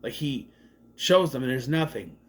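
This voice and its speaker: A man's voice: mid-range voice, normal speed. A man casually recapping and reviewing a movie, swearing and mocking the scenes as he goes. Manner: animated, swears, mocks scenes in exaggerated voices.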